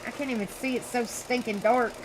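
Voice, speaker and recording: A woman with a Southern US accent hosting a casual live stream, chatty and laughing at herself often, in a dark room. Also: a little high, steady tone, fairly quick, background noise. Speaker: livestream host.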